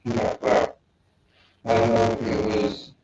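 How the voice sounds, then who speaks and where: A man's voice: fairly low pitch, completely flat delivery, slow pace, darkish tone. A man co-hosting a podcast, rambling through his thoughts with many ums and restarts. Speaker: podcast co-host. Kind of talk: casual podcast discussion. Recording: distant, echoey, dull remote audio.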